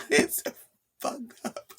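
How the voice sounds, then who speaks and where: A woman's voice: drawn-out words, noisy background. A young woman vlogging casually late at night, tired and rambling, laughing often and asking "you know what I'm saying?". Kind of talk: casual spiritual vlog.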